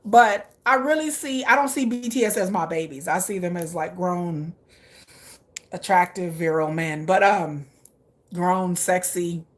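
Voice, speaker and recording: A woman's voice: fairly low pitch, fairly even intonation, unhurried. A woman vlogger chatting casually, gushing and laughing often while reacting aloud to viewer comments. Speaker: K-pop vlogger. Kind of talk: casual chat.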